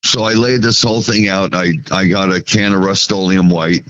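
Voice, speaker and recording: A man's voice: low voice, fairly even intonation, normal speed, a bit bright, lo-fi sound. A man from New Jersey, a sign painter, recalling his early days as a podcast guest and acting out the dialogue in his story. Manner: recounts memories, acting out quoted dialogue. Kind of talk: casual storytelling.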